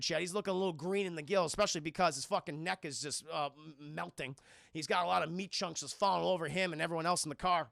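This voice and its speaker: A young man streaming from his apartment, recapping a film scene by scene for his chat in an excitable, profane way and acting out the characters' lines. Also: sits high, vocal fry, no room sound, clean studio sound.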